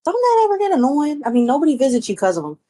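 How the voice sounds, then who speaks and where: A woman's voice: high-pitched, huge pitch swings, very fast, mellow, voice pushed up, poor audio. Kane, a cocky crude adventurer played by a woman. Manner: joking, crude and carefree. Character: brash, crude, cocky young man adventurer.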